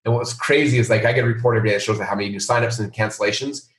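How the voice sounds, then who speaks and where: A middle-aged man, a company founder, telling a story in a casual interview and acting out the people he quotes. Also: very fast. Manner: animated, acts out quoted voices in a higher pitch. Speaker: founder and CEO of a software company. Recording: roomy sound, a bit off-mic.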